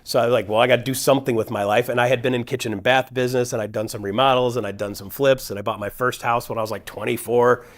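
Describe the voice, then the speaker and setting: A man's voice: medium pitch, quick pace, hardly any pauses. A middle-aged man, a guest speaker, telling a personal business story and acting out the dialogue of the people in it. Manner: energetic, acts out quoted dialogue with shifting voices. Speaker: guest speaker at a real estate event.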